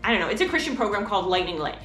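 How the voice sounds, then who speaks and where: A woman's voice: medium pitch, rapid-fire, reverberant, faint music behind. A woman vlogger talking casually to camera in a chatty, rambling way about homeschooling. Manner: chatty, rambling, animated asides.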